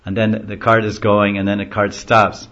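A man with a low voice gives a devotional lecture, telling stories in a loose, conversational, rambling way. The recording sounds dull and lo-fi. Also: flat delivery, normal speed, a bit bright. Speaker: devotional class speaker.

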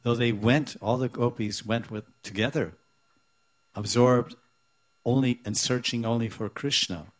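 A man giving a devotional lecture, explaining scripture in a halting, searching way with many restarts. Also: mid-range voice. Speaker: spiritual teacher.

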